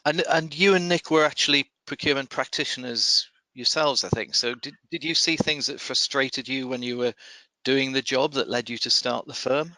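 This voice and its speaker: A man hosting a podcast, reading procurement news in a measured, dryly wry way and then interviewing a guest. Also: medium pitch, pushed and bright, poor audio. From United Kingdom. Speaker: podcast host. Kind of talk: scripted news commentary and interview.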